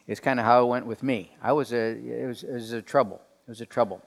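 A man leading a group Bible study in a conversational sermon style, asking questions and swinging from soft to emphatic. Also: medium pitch, quick pace, vocal fry, few pauses. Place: room with people around tables. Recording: long hall reverb.

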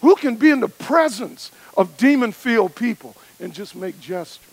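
A preacher with a strikingly high voice and a gravelly edge. He builds his points through emphatic, rhythmic repetition. The sound is dry and close to the mic. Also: expressive, moderate pace, no echo, low-quality recording. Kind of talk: sermon.

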